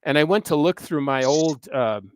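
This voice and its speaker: A man in his sixties, a history professor and author, appears as a guest on an interview show and tells a personal story earnestly, rambling and hesitating often. His voice is fairly high, clear, and resonant, at a moderate pace with no echo.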